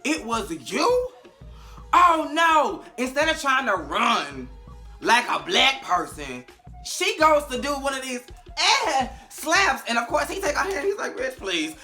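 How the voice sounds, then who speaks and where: Young woman w/ recapping a show, swoops all over, bright sharp voice, faint music behind. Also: high-pitched, slow pace. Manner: animated, profane, acts out scenes with big vocal swings. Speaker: TV recap vlogger. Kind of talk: casual recap commentary to camera.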